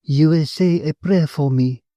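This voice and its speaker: A man voicing a grieving young female servant who speaks low, trembling and intense. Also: measured pace, mellow, no room sound, studio quality, close to an everyday voice.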